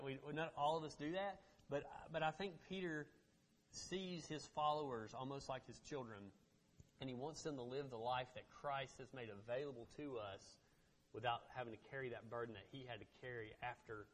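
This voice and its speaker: A man preaching a relaxed, conversational sermon, often repeating words and adding fillers as he reads scripture to his congregation. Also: mid-range voice. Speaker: pastor.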